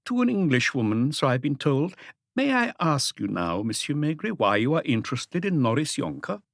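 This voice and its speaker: A man's voice: on the high side, sing-song, moderate pace, vocal fry, no room sound, clean studio sound, pitched above the performer's own voice. A man voicing a young male diplomat with a strong Dutch accent, formal, starchy and guarded.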